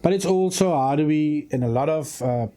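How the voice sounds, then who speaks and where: Man, minister in a radio interview, measured and formal, mellow dark tone. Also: fairly high pitch, smooth. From South Africa. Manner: measured, speaks in long policy statements. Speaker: provincial minister. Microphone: studio microphone.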